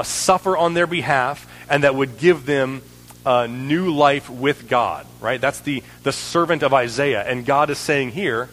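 A man's voice: medium pitch, fairly bright tone, big-room sound, poor audio. A man preaching a sermon in an earnest way, building in intensity and often checking in with "right?".

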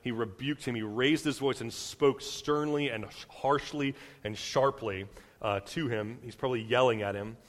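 A young man delivers a sermon in an easy, chatty way, full of fillers and quick restarts. His voice is middle-pitched, and it rings out into a large hall with a long tail of reverb. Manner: conversational, many fillers and restarts, acts out quotes. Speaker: preacher. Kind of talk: casual sermon.

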